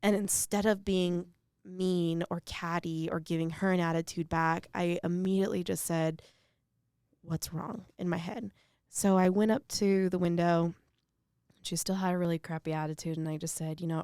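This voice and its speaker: A woman's voice: fairly low pitch, fairly even intonation, moderate pace, creaky, a little mellow, dry recording, studio quality. A woman guest on a podcast, telling stories in an earnest, reflective way in casual conversation.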